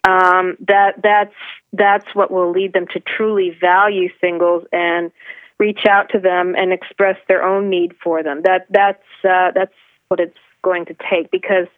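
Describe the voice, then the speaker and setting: A woman's voice: fairly low pitch, little pitch movement, unhurried, no echo. A woman author, a guest on an interview podcast, speaking earnestly with many restarts and fillers. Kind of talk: phone-in interview. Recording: tinny phone line.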